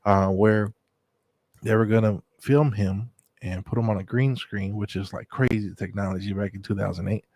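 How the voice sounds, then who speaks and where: Gravelly low-voiced man telling stories. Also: steady tone, normal speed, a little mellow, no room sound. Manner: laid-back and rambling, with many fillers and restarts. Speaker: storyteller recounting memories. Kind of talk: casual spoken storytelling.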